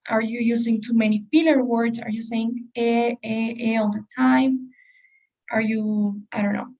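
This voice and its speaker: A woman's voice: fairly high pitch, creaky, darkish tone, recorded from a distance, low-quality recording. A woman teacher giving a class lecture to her students, explaining step by step with many rhetorical questions.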